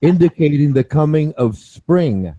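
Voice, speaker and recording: A man's voice: fairly high pitch, lively intonation, measured pace, dull audio, a crowd in the background. A man explaining his view at length in a group chat, lecturing and repeating himself, checking in with "okay?" and "right?".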